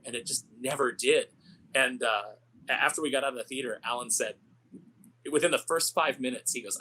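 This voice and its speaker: Guy on a podcast ranting, mid pitch, quick and worked up. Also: slight background noise, low-quality recording. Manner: ranting, animated storytelling. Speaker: podcast co-host. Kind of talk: casual chat.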